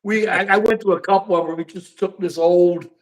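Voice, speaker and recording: Older american guy hosting a talk show, kinda high voice, rambles and acts stuff out. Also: a little fast, poor audio. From United States. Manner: animated, rambling, acts out dialogue. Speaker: podcast host. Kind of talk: casual political talk show.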